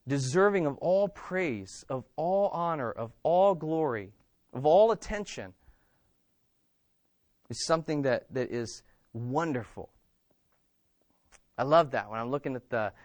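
A man's voice: mid-range voice, lively intonation, normal speed, no room sound, studio quality. A man preaching a sermon in a church as pastor, emphatic and repeating words with frequent restarts.

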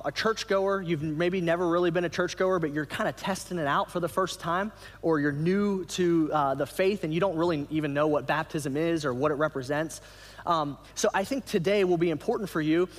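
A man giving a sermon to a church audience, telling stories in an animated way with frequent restarts. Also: fairly high pitch. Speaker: church speaker. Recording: reverberant hall.

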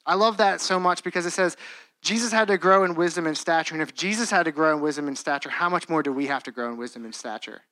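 A young man in his twenties delivers a sermon in a casual, heartfelt way, often restarting phrases and dropping in "like." His voice is high and bright. The sound is dry and close, with no room around it. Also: brisk, no room sound. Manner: earnest, conversational, with frequent restarts and "like". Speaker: preacher.

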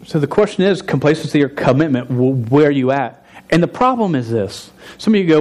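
A man preaching a sermon in an animated, emphatic way, often restarting his words. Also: a little high, fairly quick. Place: church service.

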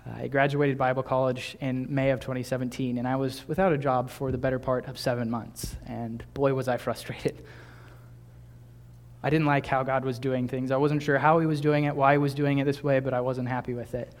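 Young male preacher, mid-pitched, relaxed and conversational, chuckling now and then. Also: a little fast. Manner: conversational, with small laughs and restarts. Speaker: pastor. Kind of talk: sermon.

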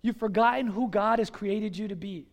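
Earnest high-voiced preacher man. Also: normal speed, gravelly, in a large hall. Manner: conversational, earnest, animated storytelling. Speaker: pastor. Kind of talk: sermon.

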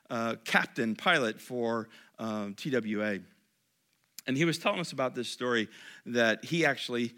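A male pastor preaching a sermon. He is emphatic, swinging from loud, high peaks down to quiet asides, and he repeats key phrases with frequent restarts.

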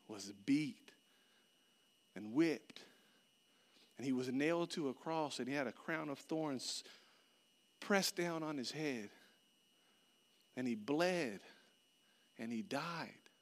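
Animated man preaching with wide swings. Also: medium pitch, takes it slowly, pauses often. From Florida. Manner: animated, swings from loud outbursts to hushed earnest tones. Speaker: pastor. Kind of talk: sermon storytelling.

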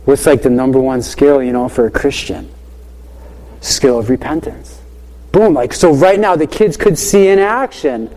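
A man who teaches high school, telling a classroom story in a casual, animated way with lots of fillers. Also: normal speed, in a large hall. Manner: animated, chatty, many fillers like "you know".

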